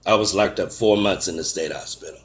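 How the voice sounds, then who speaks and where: A man in his forties telling a personal story in casual chat, animated and acting out what others said. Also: a little fast. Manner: animated, acts out quotes with raised pitch.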